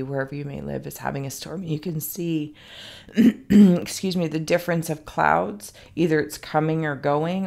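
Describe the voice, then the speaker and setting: A woman's voice: low-pitched, creaky, darkish tone. A woman giving a casual psychic reading, rambling and thinking aloud with many fillers and some self-mocking asides. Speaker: psychic reader. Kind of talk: casual spoken intuitive reading.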